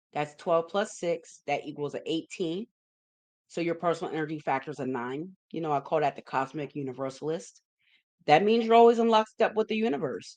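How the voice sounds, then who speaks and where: A woman's voice: low-pitched, darkish tone. A woman hosting a numerology forecast, talking straight to her viewers. She explains step by step, repeats her key points for emphasis and keeps checking that listeners are following. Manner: emphatic and repetitive, checks in with "okay?". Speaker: numerology forecaster, show host. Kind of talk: video forecast talk with slides.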